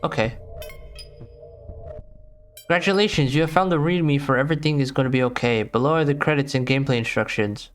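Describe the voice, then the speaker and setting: A man's voice: mid-range voice, fairly quick, long pauses, faint music behind. A man playing a game on video, reading its text aloud with casual, bemused commentary. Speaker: gaming YouTuber.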